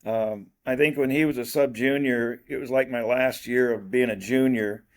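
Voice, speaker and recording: A man's voice: medium pitch, fairly even intonation, normal speed. An older man chatting casually, rambling through old memories. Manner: rambling, reminiscing. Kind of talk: casual chat.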